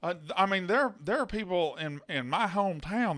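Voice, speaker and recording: Mississippi-accented male co-host, blunt and emphatic, bright tone, dry close sound. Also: sits high, lively intonation, normal speed, hardly any pauses, dry recording. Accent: Mississippi Southern US. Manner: blunt, emphatic, repeats himself. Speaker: co-host, film reviewer. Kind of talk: casual podcast banter.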